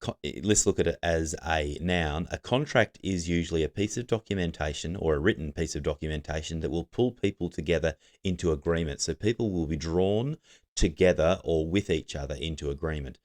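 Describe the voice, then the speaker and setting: A man's voice: extremely low pitch, a little fast, a little mellow. A man teaching a recorded literacy lesson, giving patient step-by-step instructions to students.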